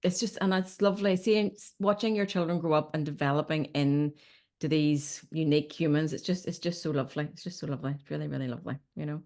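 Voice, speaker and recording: A woman's voice: low voice, fast talker. A woman in her fifties, a relationship coach chatting as a guest and acting out little stories. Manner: animated storyteller, acts out quotes, says "okay?" often. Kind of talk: casual advice chat.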